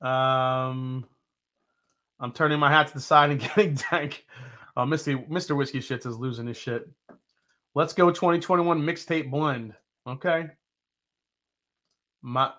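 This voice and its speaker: On the high side and sharp in tone, a man's voice leads a live whiskey-tasting stream. The host keeps things jokey and profane while reading chat comments out loud.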